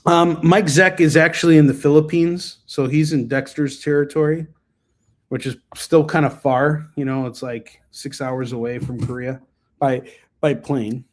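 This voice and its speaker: Rambling American comic seller hosting a live show. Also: male voice, on the high side, fairly even intonation, a little slow. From United States. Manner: rambling, joking, lots of ums and asides. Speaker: host and comic book seller. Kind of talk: casual live-stream sales chat.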